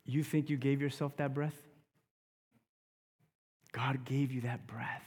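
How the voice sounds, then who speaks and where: A male pastor preaching a sermon in a church, dropping to a hush and then rising to loud emphasis. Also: mid-range voice, flat delivery, slow, husky, big-room sound. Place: church sanctuary.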